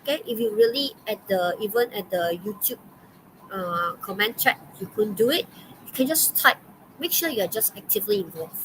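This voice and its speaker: A woman's voice: medium pitch, animated, moderate pace, a bit bright, low-quality recording. A woman with a Malaysian English accent teaches an online English class. She talks in a loose, chatty way, packed with okays and fillers. A faint noise sits under her voice. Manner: chatty, many okays and fillers, laughs often.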